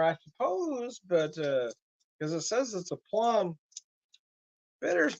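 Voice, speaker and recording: A man's voice: sits high, creaky, dry recording, dull audio. A man ranting casually to camera as a whiskey vlogger, swearing freely and breaking into laughs. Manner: profane, laughing ranter.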